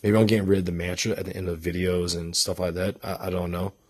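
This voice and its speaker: Young man, tired, casual vlog talk, rambling restarts, deep voice, monotone. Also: fast, breathy edge. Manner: rambling and hesitant, with many restarts and fillers. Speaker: vlogger.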